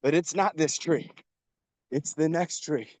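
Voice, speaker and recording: A man's voice: a little high, measured pace, a little mellow, no echo. A man coaching a workout while jogging outdoors, encouraging and a little out of breath. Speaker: fitness coach. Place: outdoors on a trail.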